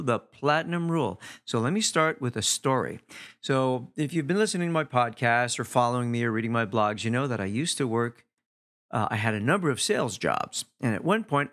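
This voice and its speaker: A calm, mellow-voiced middle-aged man talks to his podcast listeners as their hypnotherapist host. He tells his story in a loose, conversational way, full of little fillers and asides, and sits at an average pitch for a man. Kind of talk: casual storytelling monologue.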